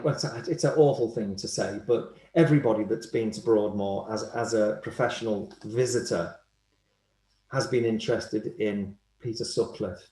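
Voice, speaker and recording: Man, animated anecdotal storyteller, roomy echoey sound. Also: mid-range voice. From Liverpool, England. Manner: animated storyteller, acts out quoted voices. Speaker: guest, hypnotherapist.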